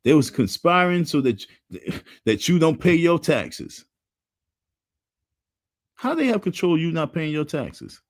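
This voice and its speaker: A man's voice: fairly high pitch, a little slow, long pauses, no echo. Black guy ranting on his stream, voice jumping all over, mocks people, dry sound. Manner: animated, repetitive chanting, mocking voices. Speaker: livestream host. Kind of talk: casual livestream rant.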